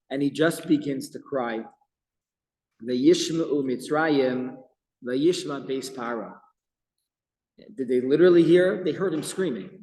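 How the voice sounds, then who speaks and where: A man teaching a Torah class as a rabbi, telling the story with lively emphasis and quoting Hebrew verses. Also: medium pitch. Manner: animated storytelling with Hebrew quotes. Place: office. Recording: echoey room with long reverb.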